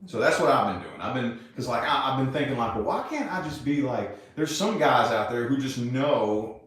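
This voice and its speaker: Lively-voiced man in an echoey room. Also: medium pitch, normal speed. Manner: frank, swears casually, reflective. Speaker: podcast co-host. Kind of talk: casual couple chat. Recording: echoey room, distant mic.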